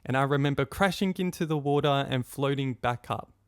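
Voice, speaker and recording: A young man hosting a podcast, telling a personal story in an animated way, acting out what friends and he himself said. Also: medium pitch, fairly quick, clear, resonant tone, dry recording, studio quality. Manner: animated, acts out quotes of friends and his own past thoughts. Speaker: podcast host.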